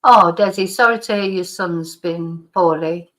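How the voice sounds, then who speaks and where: Hosting a live stream, a middle-aged woman chats casually and rambles while reading out viewer comments, often restarting and laughing, with a slight lingering cough. She speaks a little slowly in a lowish, slightly bright voice.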